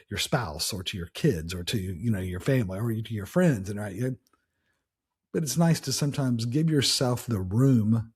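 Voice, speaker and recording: A podcast host gives a casual motivational talk in a conversational way, restarting sentences often and tagging lines with "right?" His mid-range voice is dark and husky.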